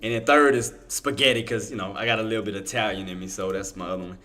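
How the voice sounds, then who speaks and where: A man from Louisiana with a Cajun accent, giving casual, excitable livestream commentary on stock trading, with lots of Southern slang and self-corrections. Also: on the low side, quick pace, soft background music.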